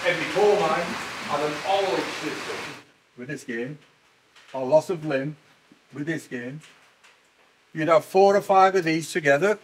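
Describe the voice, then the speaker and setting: An older man, a former miner guiding visitors through a museum, telling stories with lively energy and laughing at himself. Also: fairly high pitch, measured pace, long pauses, a little hiss or hum, rough recording. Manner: animated storyteller, laughs at himself. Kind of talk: guided tour talk. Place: indoor mining museum.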